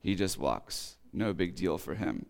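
A man giving a relaxed, chatty sermon, reading scripture and then explaining it with casual asides, his voice a little rough today. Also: low voice, a little slow. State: voice acting up, slightly rough. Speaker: preacher. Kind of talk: conversational sermon.

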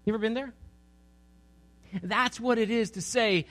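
Male preacher, sermon delivery, high bright voice, repeats himself and builds in intensity. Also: measured pace. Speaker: pastor.

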